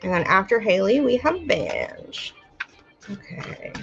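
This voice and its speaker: A woman's voice: mid-range voice, wildly swooping pitch, slow pace, gravelly, muffled recording, soft background music. A woman hosting a casual live-stream oracle card reading, calling her viewers my dear and my love while fighting allergies. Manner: warm-hearted, calls viewers my dear and my love. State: itchy eyes and sneezing from allergies. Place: home, live video stream.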